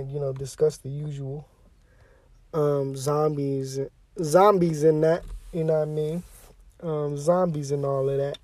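A young man chats alone into a mic in his parked car, worn out and easygoing. His talk is loose and full of slang and "um"s, with a slightly high voice. The sound is dry and close, with no room echo. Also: a little mellow. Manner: laid-back, slangy, rambling with fillers. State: tired and sleepy. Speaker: podcast host. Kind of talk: casual solo podcast chat.

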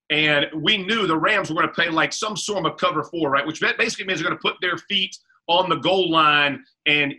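A man, a former pro football player, telling animated casual stories in an interview, with colloquial talk and repeated words. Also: on the high side, slightly rough.

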